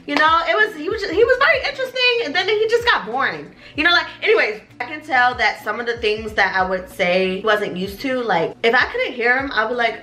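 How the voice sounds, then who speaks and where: Lively young woman telling a storytime. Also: sits high, fairly quick, few pauses, echoey room, soft background music. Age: young adult. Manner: animated, cursing, acts out voices. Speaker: vlogger. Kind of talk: storytime vlog.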